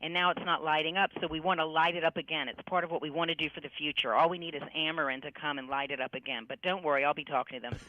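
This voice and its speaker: A woman's voice: sits low, steady tone, fast, few pauses, a little hiss or hum. A woman calling in as a radio guest, talking in an upbeat, persuasive way. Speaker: guest by phone. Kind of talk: casual radio interview. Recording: dull phone-line audio.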